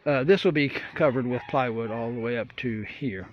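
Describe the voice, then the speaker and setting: A man's voice: medium pitch, a little fast. Folksy man in an outdoor boat shop. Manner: folksy, rambling, many fillers. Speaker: vlogger building a boat. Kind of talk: casual workshop walkthrough. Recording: dull lo-fi audio, loud roosters and traffic.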